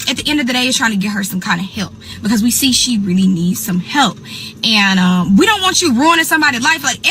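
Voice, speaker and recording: A young woman tells a story to her viewers in a casual, animated way. Her voice sits a little high and sounds bright and crisp. She keeps talking straight to her audience and acts out the voices of the people in her story. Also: slight background noise, poor audio. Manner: animated, addresses listeners as y'all, acts out quoted people. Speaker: host.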